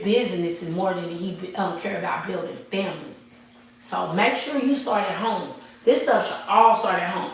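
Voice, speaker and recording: A woman's voice: on the low side, moderate pace, far from the mic. A woman gives an emphatic, preachy motivational talk on a livestream from her barber shop. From Texas. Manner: preachy and emphatic, repeats phrases. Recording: echoey room, off-mic.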